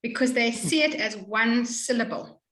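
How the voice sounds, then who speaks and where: A woman tutoring a student in Hebrew reading, explaining patiently and slowly modeling each sound. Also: on the high side, a bit bright, echoey room, low-quality recording. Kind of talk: one-on-one reading lesson.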